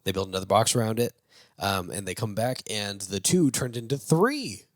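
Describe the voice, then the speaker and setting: A low-voiced man retells a movie plot casually, tripping over his words with plenty of fillers. He laughs every so often, and his voice sounds close and dry, with no room echo. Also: expressive, moderate pace. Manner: rambling, with many fillers and restarts; laughs while talking. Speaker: movie review show host.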